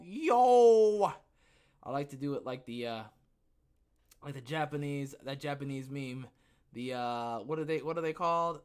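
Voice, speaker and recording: A young man hosting a casual livestream podcast, rambling and joking, who bursts into loud, excited outbursts. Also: mid-range voice. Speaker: podcast host.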